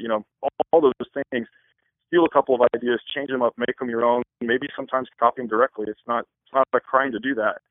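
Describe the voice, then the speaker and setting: A man who works as a wedding photographer, answering interview questions in a fast, rambling way with many restarts. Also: mid-range voice, dry recording. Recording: tinny phone line.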